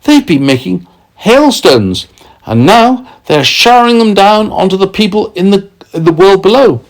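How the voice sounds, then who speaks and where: A man voicing James, an eager young boy in a storybook, speaking urgently and excitedly. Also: high voice, normal speed, voice pushed up.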